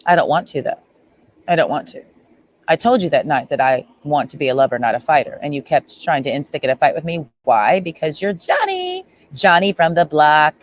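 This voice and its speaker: A woman's voice: sits low, low-quality recording. A woman streamer ranting at someone in a sarcastic, mocking and confrontational way. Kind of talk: livestream rant.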